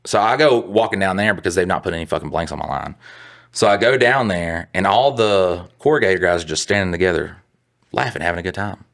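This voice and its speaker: A man's voice: low voice, animated, a little fast, vocal fry, fairly bright tone. A young adult man co-hosting a podcast, rambling through a profane work story in casual chat. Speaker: podcast co-host.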